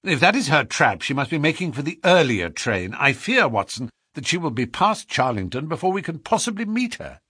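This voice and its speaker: Brisk commanding detective guy, read by a man, quick clear talk, bit husky, lively ups and downs. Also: fairly high pitch, no room sound, clean studio sound, heavily acted. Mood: impatient.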